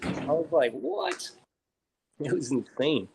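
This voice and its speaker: An American man in casual chat, swearing constantly and telling stories with animated energy. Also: fairly high pitch, normal speed, a little hiss or hum. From United States. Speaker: reptile breeder streamer.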